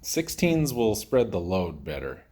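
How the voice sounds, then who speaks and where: A man's voice: on the low side, sing-song, unhurried, warm tone, slightly rough. A man chatting casually and bluntly while he builds, drifting into stories and joking about himself. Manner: rambling and outspoken, jokes about himself. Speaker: DIY builder host.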